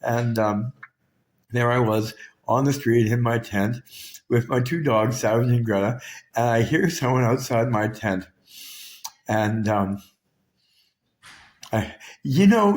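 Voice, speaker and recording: A Canadian man tells his own story straight to the camera. His speech is raw and profane, and it carries heavy emotion. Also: medium pitch. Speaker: vlogger. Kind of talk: personal storytelling.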